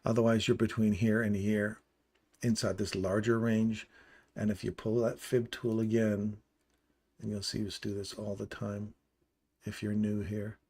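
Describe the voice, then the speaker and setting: A man with a slightly low voice talks through price charts on a live stream. His delivery is casual and explanatory, and he keeps pointing at levels on the screen as he goes. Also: level tone, a little slow, darkish tone, breathy edge. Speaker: trading stream host. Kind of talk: live trading chart walkthrough.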